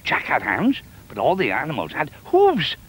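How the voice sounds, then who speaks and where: Older man, children's storyteller, high voice, very lively, playful sound effects. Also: normal speed, breathy edge, low-quality recording.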